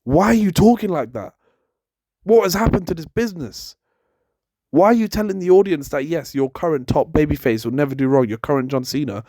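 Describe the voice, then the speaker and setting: A man's voice: on the high side, lively intonation, brisk, dark tone, dry recording, studio quality. A young man delivering a heated, exasperated opinion rant as a commentator, hammering his points with repetition. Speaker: wrestling commentator and channel host.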